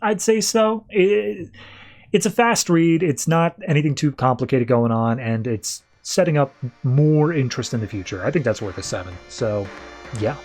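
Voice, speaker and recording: Male podcast host, slightly high voice, casual conversational comic recap. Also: moderate pace, darkish tone, faint music behind. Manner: loose conversational retelling, acting out quotes in a raised voice.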